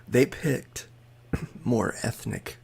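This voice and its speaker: A man's voice: medium pitch, extremely slow, creaky, darkish tone, slightly rough. A man casually telling a funny story on a podcast, laughing as he goes. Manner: joking, laughs mid-story.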